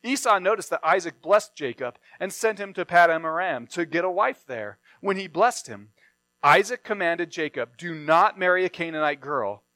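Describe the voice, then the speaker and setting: A man reads a Bible passage and then teaches on it in a plain, explaining sermon style. His voice sits a little high for a man. The sound is dry and close, with no room around it. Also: animated, normal speed, bright, forceful tone, no echo. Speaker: preacher.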